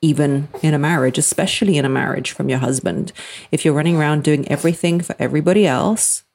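A woman's voice: low-pitched, quick pace, gravelly, a little mellow. A woman in her thirties hosting a podcast, giving blunt, emphatic relationship advice and acting out the people she quotes. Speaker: podcast host answering listener questions. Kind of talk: direct advice talk.

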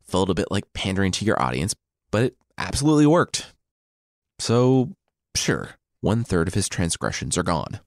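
A man's voice: low-pitched, big pitch swings, normal speed, no room sound, studio quality. A man voicing a grumpy male demon who critiques a story like a sarcastic reviewer.

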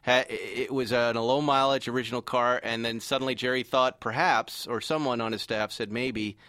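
Brief: male host, easygoing chat, quick to laugh, bright tone. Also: mid-range voice, no room sound, clean studio sound. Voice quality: lively, laughs often. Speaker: podcast host. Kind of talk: casual chat.

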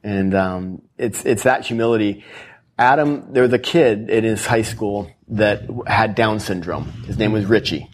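A man with a low voice tells stories earnestly as an author guest in an interview. He often quotes the people in his stories. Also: moderate pace, slight background noise. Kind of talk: animated storytelling interview.

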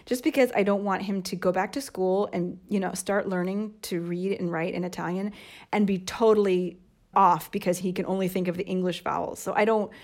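An American woman in her thirties, a podcast co-host and mother, chatting casually and explaining with lively examples. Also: medium pitch, brisk. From United States. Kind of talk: casual chat.

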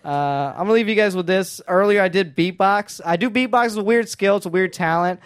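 A young man performing stand-up in a comedy club, animated, laughing at his own jokes and acting out voices. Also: sits high, a little fast, a little hiss or hum. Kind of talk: stand-up set.

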